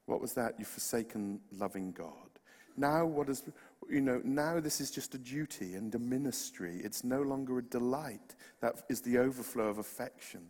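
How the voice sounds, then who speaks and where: A man with a West Country accent delivers a heartfelt sermon. His voice sits at a mid pitch and carries a long reverb from a large hall. He is earnest, now and then lightened by humorous asides. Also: normal speed, darkish tone. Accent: West Country English. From West Country, England. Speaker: preacher.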